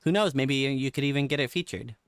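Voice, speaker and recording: A man's voice: mid-range voice, a little fast, clean tone, no echo, clean studio sound. A man hosting a casual podcast, politely steering the talk and thanking his guests. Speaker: podcast host.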